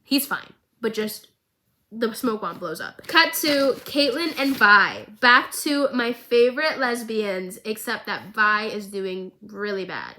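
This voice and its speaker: A woman giving casual, excitable recap commentary, gushing and tossing in quick asides. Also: medium pitch, slight background noise. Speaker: vlogger.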